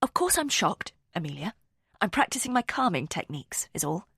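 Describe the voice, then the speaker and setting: A woman's voice: fairly low pitch, big pitch swings, brisk, a bit bright, slightly rough, no room sound, clean studio sound, heavily acted. A woman reading an audiobook, voicing a brittle, defensive young woman. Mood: guarded.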